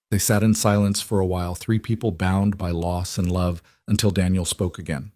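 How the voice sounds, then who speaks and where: A man narrates a frontier tale in calm, measured scripted storytelling. His voice is low and even. The recording is dry and close, with no room sound. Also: no echo.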